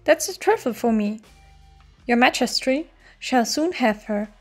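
A woman voicing a bold, eager young male servant who brags and gives brisk orders in a storybook reading. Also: on the high side, animated, soft background music. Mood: boastful. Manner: brisk, boastful, commanding.

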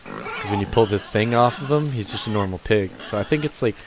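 Speaking fairly quickly in a lowish voice through a gaming headset, a young man narrates his let's play with profanity and jokes aimed at the on-screen characters, whom he addresses. Background noise is audible.

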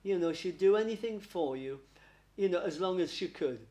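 A man's voice: sits high, animated, normal speed, warm tone. A man working as a medium at a spiritualist church service, chatty and affectionate, laughing often and calling listeners darling. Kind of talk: spiritualist church platform reading.

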